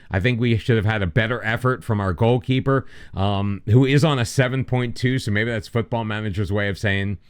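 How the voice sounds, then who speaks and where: A man's voice: on the low side, clear, resonant tone. Chatty American man calling a sim match. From United States. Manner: jokey, self-deprecating, calls play-by-play with excited spikes. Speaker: gaming YouTuber. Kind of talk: casual commentary on a football sim match.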